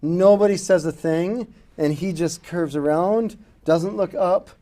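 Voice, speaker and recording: Laughing storyteller man with mellow tone. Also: high-pitched, unhurried. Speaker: podcast host. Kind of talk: casual chat.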